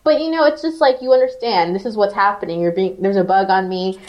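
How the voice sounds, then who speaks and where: A woman co-hosting a podcast, telling an animated, profanity-laced story full of "like" fillers in casual chat. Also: medium pitch, fast talker, dull audio. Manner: animated, swearing, lots of "like" fillers. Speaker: podcast co-host.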